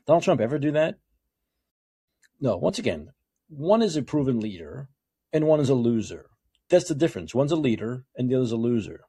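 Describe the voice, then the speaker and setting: A man hosting a political talk show, delivering a sarcastic, opinionated monologue that swings between yelling and quiet muttering. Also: medium pitch, sing-song, a little fast, long pauses, breathy edge.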